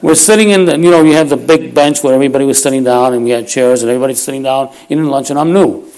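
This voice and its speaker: This lay preacher, a man in his fifties of Puerto Rican heritage, prays in church and then moves into stories about himself, laughing frequently in a folksy, self-deprecating sermon. He talks at a racing pace, his medium-pitched voice carrying a darkish tone.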